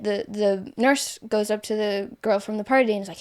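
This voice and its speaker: A woman's voice: mid-range voice, fairly even intonation, fairly quick, few pauses, darkish tone. Rambling young woman telling a story. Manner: rambling, many fillers and self-corrections. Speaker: guest author. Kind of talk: casual storytelling.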